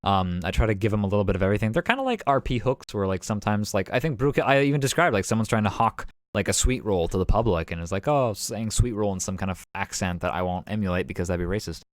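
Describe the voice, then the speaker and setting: A man's voice: lowish voice, expressive, fast, hardly any pauses, no echo. A man talking casually as game master, recapping a tabletop session in a rambling way full of fillers and restarts. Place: home streaming setup.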